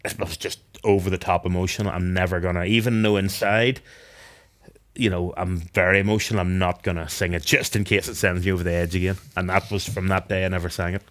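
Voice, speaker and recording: A man from Northern Ireland with a low, deep voice and a Northern Irish accent. He answers podcast questions in a thoughtful, unhurried way, often restarting his sentences. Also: steady tone. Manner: thoughtful, with frequent restarts and fillers. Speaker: guest, retired rugby captain.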